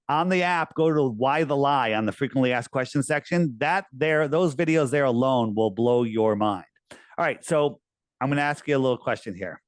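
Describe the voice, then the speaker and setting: Man, mid pitch, insistent and animated, dry close sound. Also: no room sound. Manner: animated, insistent, uses mocking put-on quotes. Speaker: guest. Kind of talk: casual conversation.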